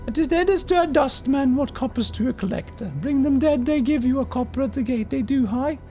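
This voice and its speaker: A man's voice: very high voice, brisk, dark tone, soft background music, pitched above the performer's own voice. A man voicing a hunched, rash-covered undead creature who talks like a ten-year-old girl, using broken grammar and ending lines with "hi". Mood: odd, childlike.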